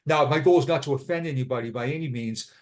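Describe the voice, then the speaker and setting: A man's voice: medium pitch, fast talker. A blunt man in his fifties with a Boston accent, telling his story as a retired police sergeant in a casual interview. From Boston, USA. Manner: blunt, frank.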